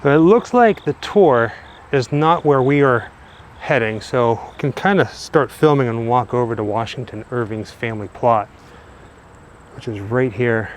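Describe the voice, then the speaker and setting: A man's voice: mid-range voice, measured pace. Man narrating an outdoor walking-tour vlog. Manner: enthusiastic, chatty guide. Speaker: travel vlogger. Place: outdoors in a cemetery by a busy road. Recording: outdoor street noise, passing traffic. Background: faint cars and trucks.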